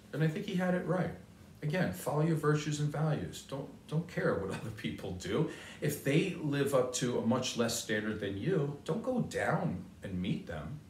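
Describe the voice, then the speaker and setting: Brief: older male speaker, earnest motivational talk, mid pitch, roomy, mic at a distance. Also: a little hiss or hum. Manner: earnest and conversational, repeats key phrases. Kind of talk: motivational talk with a personal story.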